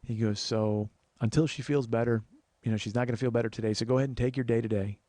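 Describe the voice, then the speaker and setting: A man's voice: medium pitch, fairly even intonation, fast talker, mellow, dry recording. Dry-voiced man telling a personal story. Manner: profane, emphatic, frequent restarts. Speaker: podcast host.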